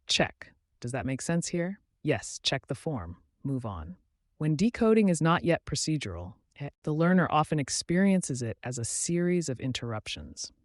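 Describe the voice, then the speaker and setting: A man reading an instructional book aloud in a measured, deliberate way, in short phrases. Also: on the high side, no echo, clean studio sound. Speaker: audiobook reader. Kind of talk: scripted instructional narration.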